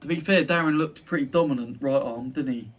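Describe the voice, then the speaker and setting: A man's voice: mid-range voice, fairly quick. A man hosting a casual podcast chat, boisterous, joking and sweary. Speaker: podcast host. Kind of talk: casual banter. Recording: distant mic with faint noise.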